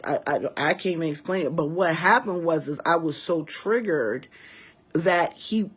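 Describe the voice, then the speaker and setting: Husky profane woman from Chicago. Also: deep voice, normal speed. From Chicago West Side. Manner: emphatic, profane, talks straight to viewers. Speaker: vlogger and priestess. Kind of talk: casual storytelling rant to viewers.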